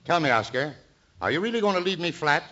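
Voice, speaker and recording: A man's voice: fairly high pitch, very animated, fast talker, sharp tone. A man hosting a 1940s radio comedy, trading wisecracks and crooning a sentimental song. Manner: wisecracking, sings sentimental ballad. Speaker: comedy show host and singer. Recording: dull old radio broadcast with music.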